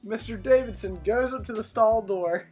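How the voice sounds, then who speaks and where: A teenage boy co-hosting a podcast, telling a story in a lively way and acting out shouts and laughter. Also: high voice, moderate pace, music in the background. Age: teens. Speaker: podcast co-host. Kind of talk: casual chat, storytelling.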